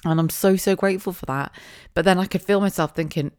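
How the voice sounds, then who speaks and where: A British woman in her thirties talks in a casual, heartfelt way about her child. Her voice sits a little low, and she often breaks into laughter as she goes. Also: fast talker, a little mellow, smooth. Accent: British English. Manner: emotional, chatty, laughs often. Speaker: parent vlogger. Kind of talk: casual chat.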